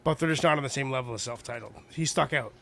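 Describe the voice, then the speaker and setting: A male podcast host chatting casually and rating songs, rambling and animated. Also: medium pitch, fast talker, gravelly, slight background noise. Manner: rambling, animated, self-deprecating.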